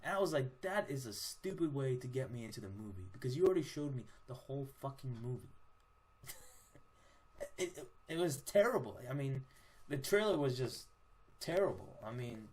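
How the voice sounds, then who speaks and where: A man's voice: medium pitch, expressive, normal speed, a little mellow. A young man casually reviewing movies on his own channel, blunt and profane, with frequent restarts.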